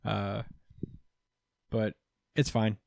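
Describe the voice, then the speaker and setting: A man's voice: lowish voice, level tone, drawn-out words, vocal fry, darkish tone, dry recording, studio quality. A man hosting a casual podcast, recapping with lots of fillers and acted-out quotes. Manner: rambling recap, many fillers, acts out quotes. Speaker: podcast host.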